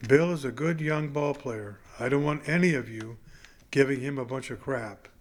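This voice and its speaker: A man's voice: medium pitch, normal speed, natural voice. A man voicing a commanding male baseball manager who raises his voice to address his players. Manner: loud, bossy.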